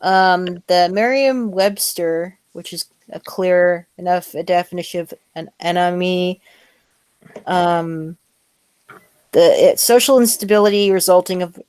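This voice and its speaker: A young woman hosting a casual podcast chat, reading an article aloud in a halting, filler-heavy way with blunt, dismissive remarks. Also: on the low side, a little mellow, smooth, no room sound. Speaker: podcast host.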